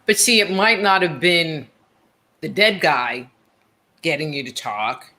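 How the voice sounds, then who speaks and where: Bright-voiced woman guest. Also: sits low, slow. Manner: relaxed, explanatory, fills with "you know". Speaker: guest author. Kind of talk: casual interview chat.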